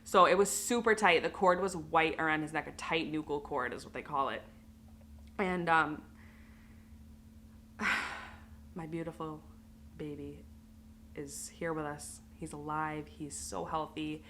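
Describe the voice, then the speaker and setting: A woman's voice: sits low, fairly even intonation, measured pace, pauses often, pushed and bright, a little hiss or hum. A woman vlogger telling her own story to the camera, candid and emotional, with lots of fillers.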